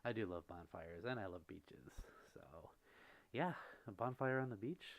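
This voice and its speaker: A man with a slightly low voice hosts a relaxed ASMR livestream. He reads out viewer messages and answers each one gently. He talks close to the microphone. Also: normal speed. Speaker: livestream host.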